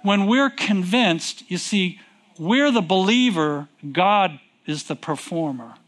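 A man preaching a sermon, reading scripture in King James wording and asking his congregation questions, with slow, drawn-out emphasis. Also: sits high, lively intonation, fairly bright tone. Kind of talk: sermon with call and response.

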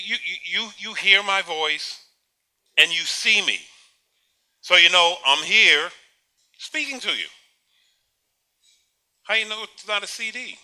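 High, sharp-voiced male preacher. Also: expressive, takes it slowly, long pauses. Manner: rhetorical questions, repeats words, chuckles at own points. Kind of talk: sermon.

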